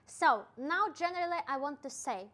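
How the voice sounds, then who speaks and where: A woman's voice: high voice, lively intonation, moderate pace. A young woman with a Kazakh accent explaining piano octave technique, counting out the hand actions aloud as she demonstrates. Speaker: piano teacher.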